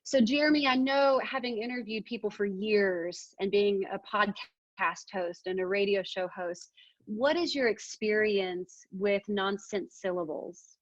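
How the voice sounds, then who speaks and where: A woman from Arkansas, leading a webinar on presentation skills in an energetic, emphatic way. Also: medium pitch, unhurried, no echo, lo-fi sound. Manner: energetic, emphatic, demonstrates vocal techniques. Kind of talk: webinar training talk.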